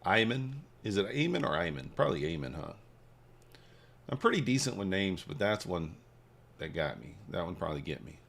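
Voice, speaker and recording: Lively low-voiced man chatting on a livestream. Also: normal speed, vocal fry, slight background noise. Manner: hypes viewers, reads chat aloud, shifts from excited shouts to mumbling. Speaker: livestream host, futures trader. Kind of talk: casual livestream chat with viewers.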